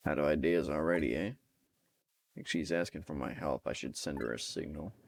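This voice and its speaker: A man's voice: a bass voice, normal speed, vocal fry, background noise, voice pushed down. A man voicing a wry, dry-humored male ghost hero in a game, reading his asides aloud.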